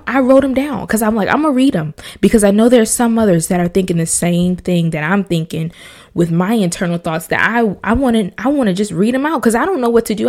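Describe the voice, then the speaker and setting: A woman's voice: mid-range voice, a little mellow. A young adult woman hosting a personal podcast, speaking earnestly and emotionally, repeating herself and sometimes dropping to a whisper. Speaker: podcast host, mother.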